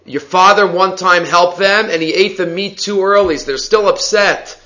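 A man's voice: high-pitched, normal speed, pushed and bright, slight background noise, voice pushed up. Man doing a sly, coaxing fable fox. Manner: smug, coaxing. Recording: slightly dull lo-fi audio.

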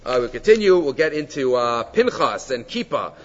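A man giving a Talmud class lecture, explaining sources in an animated way with Hebrew and Aramaic terms and frequent fillers. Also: mid-range voice, moderate pace. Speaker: Talmud teacher. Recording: dull audio in a reverberant hall.

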